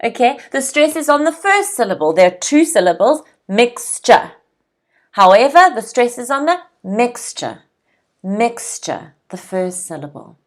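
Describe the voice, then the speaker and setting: A woman's voice: fairly high pitch, very animated. A woman from South Africa teaching English vocabulary, drilling pronunciation and checking in with learners. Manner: slow, clear pronunciation drills with frequent check-ins. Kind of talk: vocabulary lesson.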